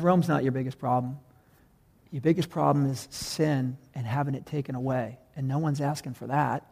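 A man's voice: a little high, dark tone. A man preaching a sermon to a congregation, conversational and direct, acting out the voices of crowds in his story. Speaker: pastor.

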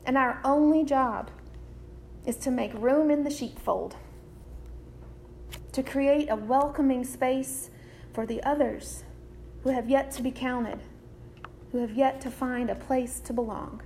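A woman preacher delivering a sermon in a measured, deliberate way, repeating key phrases. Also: high-pitched, a little mellow, slight background noise.

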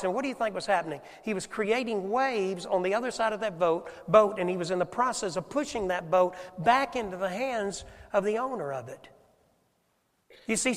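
A man preaches a sermon in a church, his voice high for a man and ringing with a long hall reverb. He asks the congregation question after question and moves between loud emphasis and quiet, hushed asides. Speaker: pastor. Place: church sanctuary.

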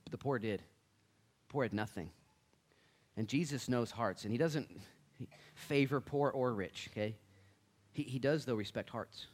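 A man preaching a Bible study sermon as a pastor, animated and joking, swinging from loud to hushed. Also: mid-range voice.

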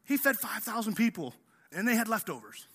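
A male pastor preaching a sermon in a casual, energetic way, acting out the story as he tells it. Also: high-pitched, brisk, breathy edge. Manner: energetic, casual preaching, says "man" often; acts out the story.

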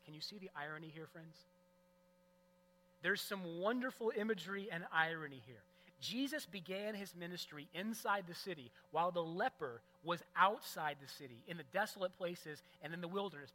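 A male pastor preaching a sermon in an earnest, emphatic way, moving between loud stresses and hushed moments. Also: a little high, rough recording.

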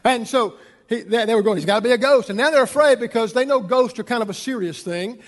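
A man preaching a sermon as pastor, animated and acting out the people in his story. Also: very high-pitched, brisk. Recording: long hall reverb.

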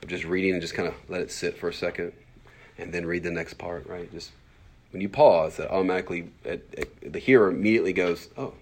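A man in his forties, a pastor teaching a Bible class in a casual, fast-talking way, full of fillers and acted-out asides. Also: sits low, fairly even intonation. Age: 40s.

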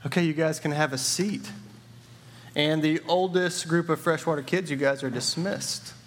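A man's voice: a little high, steady tone, normal speed, a little hiss or hum. A man preaching a sermon in a friendly, joking storytelling way. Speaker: church partner preaching.

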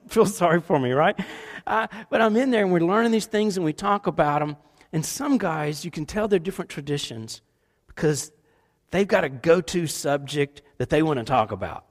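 High-voiced preacher in a reverberant hall. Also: male voice, normal speed. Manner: animated storytelling, shifts between loud and hushed. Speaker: pastor. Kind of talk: sermon.

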